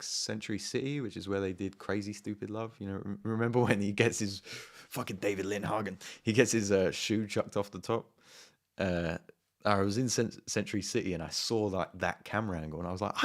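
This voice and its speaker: Brief: young male host, deep voice, chatty and rambling, tells stories with laughter. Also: fairly quick. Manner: rambling, laughing, acts out his own raised voice in quotes. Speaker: music producer and channel host. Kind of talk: casual storytelling to viewers.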